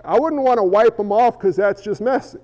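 High-voiced male pastor preaching. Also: fairly quick. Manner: animated, acts out quoted voices. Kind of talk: sermon. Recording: echoey hall, dull lo-fi sound.

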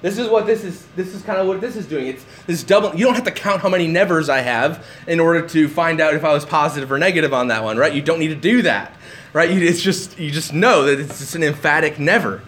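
A man's voice: a little high, fast talker, a bit bright, slight background noise. A man preaching a sermon, emphatic and repeating words for stress. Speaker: pastor.

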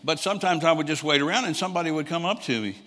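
A man's voice: a little high, racing, sharp tone. A man in his sixties preaching a storytelling sermon, acting out the people he quotes and chuckling often. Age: 60s. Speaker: traveling preacher. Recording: long hall reverb.

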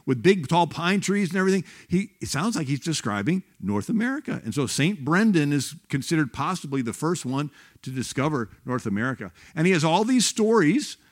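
A man's voice: on the high side, big pitch swings, fairly quick. A man giving a sermon-style history talk in a church, rambling with many restarts and growing fervent. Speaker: guest speaker on church history.

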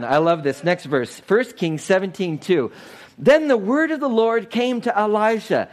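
A man preaching, animated and conversational, who keeps firing questions at his congregation. His voice sits a little on the high side, and he swings between loud, high bursts and quiet, low asides. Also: normal speed. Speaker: pastor. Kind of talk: lively teaching sermon.

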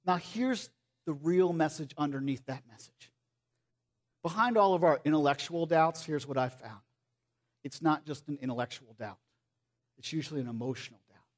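A man preaching a sermon, animated, acting out quoted voices and dropping to soft pleading. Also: a little high, moderate pace, pauses often. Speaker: pastor.

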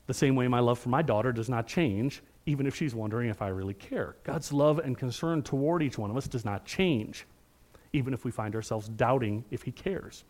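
A man's voice: medium pitch, animated, normal speed, a little mellow. A middle-aged male pastor preaching a sermon in an earnest, conversational way, often checking in with the room.

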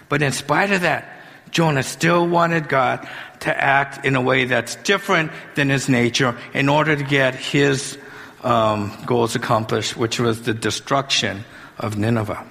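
Bright-voiced male pastor in a reverberant hall. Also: mid-range voice, vocal fry. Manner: conversational and animated, with humorous asides. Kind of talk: sermon.

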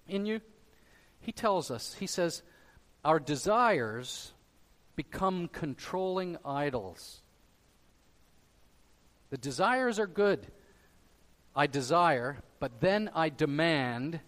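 A male pastor delivers a sermon in a slightly high voice. He pushes loudly on his main points, then drops low and soft. The long reverb of a large hall trails behind every phrase. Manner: emphatic preaching, swinging between loud stresses and quiet drops.

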